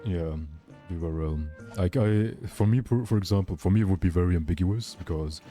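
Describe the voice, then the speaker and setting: Man, light German accent, low voice, mellow tone, rambling casual streamer chat. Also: brisk, faint music behind. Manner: rambling, candid, salty.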